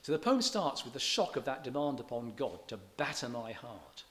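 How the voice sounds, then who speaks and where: This is a public poetry lecture in a church hall, given by a man whose mid-range voice is a bit bright and swings widely in pitch. He is measured and scholarly, slowing for verse read with stressed beats, and at times restarts what he's saying.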